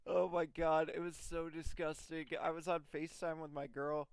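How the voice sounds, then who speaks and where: A man's voice: fairly high pitch, little pitch movement, moderate pace, smooth, no room sound. A young man co-hosting a podcast, telling stories in casual chat with lots of fillers. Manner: rambling, filler-heavy storytelling. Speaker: podcast co-host.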